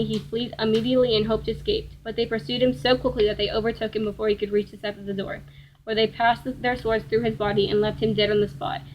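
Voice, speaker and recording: A woman's voice: fairly high pitch, highs cut off, slight background noise. A woman reading a fairy tale aloud carefully, correcting small slips as she goes. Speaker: reader.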